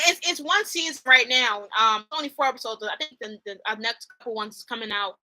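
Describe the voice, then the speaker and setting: Young female streamer, gushing and rambling about her shows, sharp and bright in tone. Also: on the high side, a little fast, few pauses, rough recording. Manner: excitable, rambling, gushing with fillers. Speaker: streamer chatting with viewers. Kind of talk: casual fan chat.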